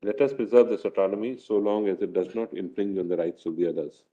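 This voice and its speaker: A man with an Indian English accent, a judge reading a court judgment aloud in a measured, formal way. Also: on the low side, steady tone, warm tone. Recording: dull lo-fi courtroom broadcast.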